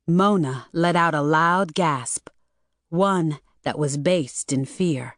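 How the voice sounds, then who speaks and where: A woman narrating an audiobook in an even, measured, scripted reading. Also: low voice, dry recording, studio quality.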